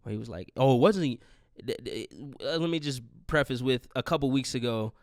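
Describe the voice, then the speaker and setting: A man's voice: mid-range voice, brisk, no echo, studio quality. A young man hosting his podcast alone, in a profane, rambling rant. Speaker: podcast host. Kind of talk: casual solo monologue.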